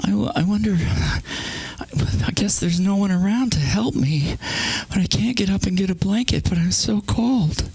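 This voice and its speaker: A woman's voice: mid-range voice, moderate pace, vocal fry, warm tone, slightly rough, voice pushed up, poor audio. A man putting on a whiny passive-aggressive old mom. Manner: whiny, self-pitying moaning. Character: gruff, passive-aggressive older mother.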